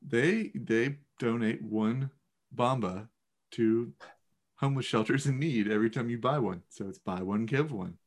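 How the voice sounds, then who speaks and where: A young man co-hosting a casual podcast, making dry, deadpan jokes. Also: mid-range voice, unhurried. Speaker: podcast co-host. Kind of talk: casual chat.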